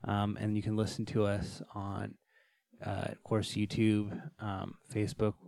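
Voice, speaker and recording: A man's voice: on the low side, monotone, measured pace, vocal fry, a little mellow, dry recording. A man co-hosting a faith podcast in casual chat, hesitant with many ums. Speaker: podcast co-host.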